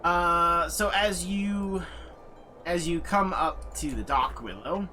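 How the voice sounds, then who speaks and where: A man narrating as game master in a playful, lively manner. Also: fairly high pitch, slow pace, soft background music.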